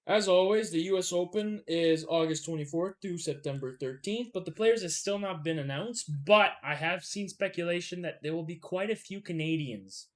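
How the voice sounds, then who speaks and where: A man's voice: high voice, normal speed, few pauses. Laid-back young man tossing in jokes. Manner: laid-back, jokey interjections. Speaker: podcast co-host. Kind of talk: casual sports podcast chat.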